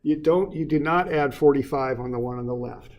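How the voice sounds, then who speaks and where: A man's voice: mid-range voice, a little fast, muffled recording. A man teaching an engineering class in an informal way, often repeating words and putting questions to the students. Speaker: engineering instructor. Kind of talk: classroom lecture.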